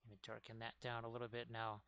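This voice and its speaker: A man's voice: mid-range voice, monotone, fast talker, fairly bright tone, clear, resonant tone, no room sound. A man hosting a casual miniature painting stream, rambling as he works and chatting with viewers. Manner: rambling, talks while working, chats with viewers. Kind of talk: casual painting tutorial chat.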